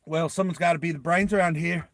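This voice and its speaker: A cocky male teammate with a dry wit, tossing off sarcastic remarks, as a storyteller puts him on. His voice sits a touch high and sounds close and dry. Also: steady tone, fast talker, no echo, lightly acted. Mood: smug. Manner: sarcastic, drawling quips.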